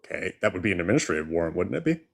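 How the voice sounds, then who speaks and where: Low-voiced male co-host, blunt and interrupting, pressing hard in debate. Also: very animated, rapid-fire, creaky, husky. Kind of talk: heated political debate.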